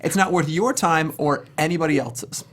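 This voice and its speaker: A man with a high voice co-hosts a casual chat. He trades sarcastic, deadpan jokes with the others. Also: moderate pace, a little hiss or hum. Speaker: podcast co-host.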